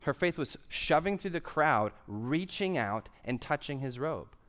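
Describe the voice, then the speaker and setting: A young man delivers a sermon in a relaxed, talky way. He circles back to key phrases and repeats them for emphasis, then drops into asides and fillers before pressing the point again. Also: fairly high pitch, a little slow. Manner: conversational preaching with emphatic repetition. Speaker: pastor.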